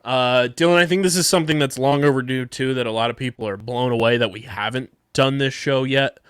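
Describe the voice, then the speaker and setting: A man's voice: mid-range voice, a little fast, fairly bright tone, clean tone, no echo, studio quality. A man hosting a casual podcast, running through news and a sponsor read with plenty of fillers. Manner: conversational, filler-heavy. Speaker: podcast host.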